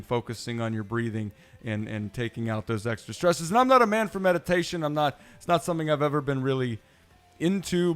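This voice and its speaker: A man hosting a casual podcast, talking in a rambling, playful way with many fillers. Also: medium pitch. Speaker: podcast host.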